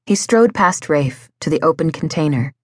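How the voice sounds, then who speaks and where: Low, husky woman narrating an audiobook. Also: animated, normal speed, dry recording, studio quality.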